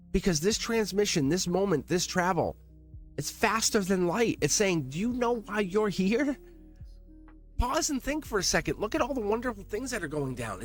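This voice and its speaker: A male tarot reader with a fairly high voice that swings all over as he rambles through a casual reading, chatting to his cards and chuckling. Soft music plays faintly behind him. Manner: animated, rambling, talks to the cards and laughs.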